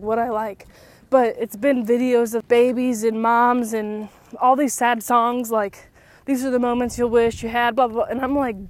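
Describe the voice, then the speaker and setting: Young woman, podcast host, slightly higher voice, chatty, a bit out of breath, walking outdoors. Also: a little mellow, no echo. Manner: chatty, rambling, many "like" fillers. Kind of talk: casual chat while walking. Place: outdoors, walking around a neighborhood.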